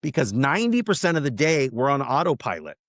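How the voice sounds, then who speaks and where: A man speaking as a podcast guest, teaching mindset in an emphatic, animated motivational way. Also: mid-range voice, quick pace, no room sound, studio quality. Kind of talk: casual podcast interview.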